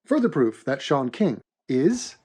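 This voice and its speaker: A man narrates an animated comedy commentary with mock-serious, deadpan sarcasm. His voice sits at an ordinary mid pitch, and he delivers the jokes straight-faced. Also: a little slow, slightly rough.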